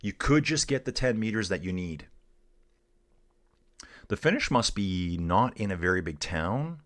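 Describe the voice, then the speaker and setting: A middle-aged Canadian man hosts a live cycling stream, chatting casually and excitedly with viewers as he comments on the race. His voice is lowish and his pace measured.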